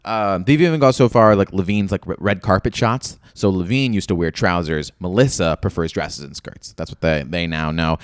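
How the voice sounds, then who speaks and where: A man hosting a casual chat podcast, animated and laughing often as he reads out theories and gives verdicts. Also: sits low, normal speed, few pauses, no echo. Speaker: podcast host presenting conspiracy theories. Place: lives in a big American city.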